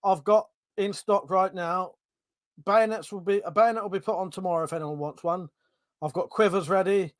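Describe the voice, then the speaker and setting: British male stream host: slightly high voice, dry close sound, sarcastic and sweary. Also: steady tone, moderate pace, dry recording. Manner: chatty, sarcastic, swears freely; reads out viewer comments. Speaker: livestream host. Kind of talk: casual live-stream chat.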